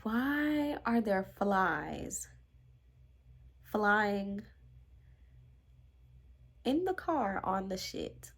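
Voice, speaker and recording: A young woman vlogger telling a casual story straight to her viewers, slangy and exasperated, dropping to hushed whispers for emphasis. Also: medium pitch, drawn-out words, long pauses, slightly rough. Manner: animated, dramatic, drops to hushed whispers for emphasis.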